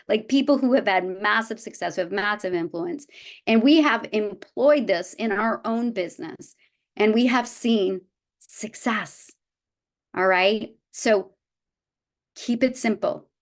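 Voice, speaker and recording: A woman in her fifties giving a heartfelt motivational talk to a live audience of her business team, earnest and often restarting her sentences. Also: medium pitch. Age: 50s. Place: event room with a live audience.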